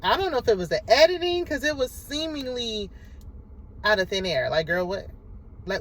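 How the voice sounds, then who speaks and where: In a rough recording, a woman with a medium-pitched voice speaks a little slowly as she gives a casual, sassy recap of a reality TV episode. She talks back at the cast as she goes through it, offering show recap and commentary.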